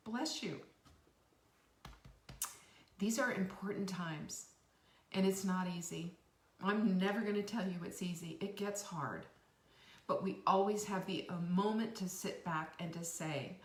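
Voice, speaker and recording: A woman's voice: medium pitch, a little slow. A middle-aged woman hosting an earnest, encouraging faith talk, asking listeners direct questions. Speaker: host. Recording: roomy and distant from the mic.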